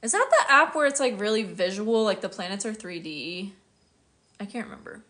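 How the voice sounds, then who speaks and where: A woman's voice: medium pitch, expressive, normal speed, fairly bright tone. An American woman in her thirties, a casual, chatty astrologer answering viewer questions on a livestream and laughing often. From United States.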